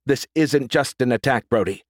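A man narrating an audiobook voices a sharp young woman who gives brisk, urgent orders over a radio link. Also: medium pitch, no room sound, clean studio sound, natural voice. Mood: urgent, commanding.

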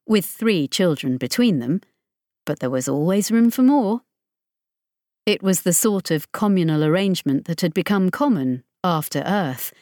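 A woman reading a science fiction audiobook in measured scripted narration on a close microphone. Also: mid-range voice, dry recording. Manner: measured, even storytelling.

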